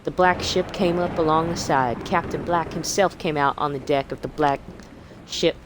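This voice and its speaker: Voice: mid-range voice, moderate pace, background noise, voice pushed up, lightly acted. A streamer reading a child's adventure story in a put-on Southern belle accent, with a lilting storybook delivery. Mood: storytelling. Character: young girl's story told in a Southern belle voice.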